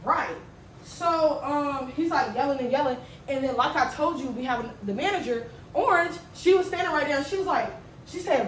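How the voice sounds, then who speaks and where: A woman in her twenties telling a slangy, animated story while she cooks in her kitchen. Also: high voice, fairly quick, slight background noise. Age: 20s. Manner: animated, slangy, swings loud when retelling. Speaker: vlogger. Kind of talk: storytime vlog while cooking. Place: home kitchen. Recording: echoey room, mic at a distance.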